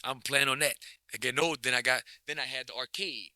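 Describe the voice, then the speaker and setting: A man's voice: mid-range voice, a little fast, dry recording. Laid-back man rambling with restarts. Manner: relaxed, rambling, many restarts and slang. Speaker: basketball coach, guest. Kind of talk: casual interview chat.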